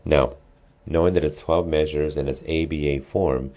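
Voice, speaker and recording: A man with an extremely deep, low voice walks students through a class assignment. He talks casually and explains each step, pausing on ums and restarting his sentences. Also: fairly even intonation, dark tone. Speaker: music teacher. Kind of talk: screen-recorded lesson walkthrough.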